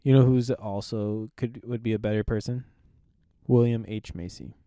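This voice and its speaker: Mellow-voiced man, relaxed movie chat. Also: on the low side, moderate pace, no room sound, studio quality. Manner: relaxed, laughs often, hesitant with ums. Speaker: podcast co-host. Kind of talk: casual movie review chat.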